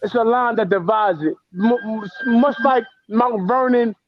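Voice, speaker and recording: A man's voice: extremely high pitch, unhurried, no echo, muffled recording, soft background music. A man, a guest author telling blunt, profane, emotional stories in a casual interview. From the Bronx, New York.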